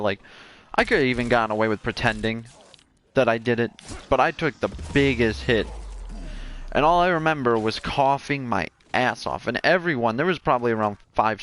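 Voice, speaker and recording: Man, casual storytelling, rambling, animated, faint background noise. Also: mid-range voice. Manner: laid-back, rambling, animated.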